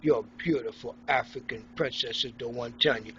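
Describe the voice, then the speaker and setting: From a hospital room, a Haitian man records a personal video log, launching into an angry, rambling rant full of profanity and mockery. His medium-pitched voice is a bit bright and fairly quick, with hardly any pauses. The audio is dull and lo-fi with faint noise.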